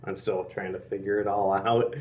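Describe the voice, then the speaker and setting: A man's voice: fairly low pitch, level tone, moderate pace, far from the mic, highs cut off. A young man telling a personal faith story in a casual, earnest way, with frequent laughs and restarts. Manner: earnest, laughs often, many fillers and restarts. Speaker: interviewee.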